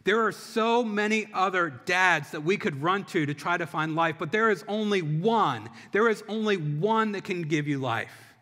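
A man's voice: high voice, lively intonation, normal speed, hardly any pauses, sharp tone. A man preaching a sermon as a pastor, impassioned, with rhythmic repetition. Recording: long hall reverb.

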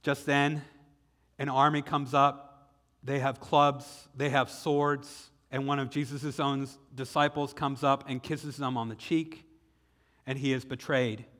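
Bright-voiced Southern pastor in an echoing hall. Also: male voice, medium pitch, flat delivery. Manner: dramatic retelling, slowing for emphasis. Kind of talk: sermon. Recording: echoey hall with long reverb.

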